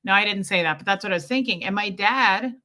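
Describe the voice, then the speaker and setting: Talking fast in a pushed, bright voice of medium pitch, a woman runs a casual livestream, reading chat, spinning jokey stories and breaking off mid-sentence to greet viewers by name.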